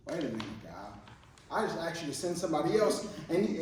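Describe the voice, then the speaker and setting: A man's voice: on the high side, very animated, fast, a little mellow, a little hiss or hum. A man preaching as a junior pastor in a conversational, slangy way, often repeating his words. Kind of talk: sermon. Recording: echoey room from far off.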